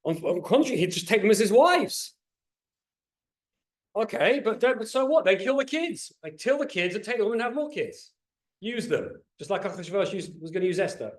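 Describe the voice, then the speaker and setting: A middle-aged man, a rabbi, teaching a Torah class to a group, animated and questioning, often repeating words as he speeds up. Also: sits high, moderate pace. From England. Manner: animated, asks the audience questions, repeats words when excited. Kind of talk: lively teaching talk to a group. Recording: roomy echo.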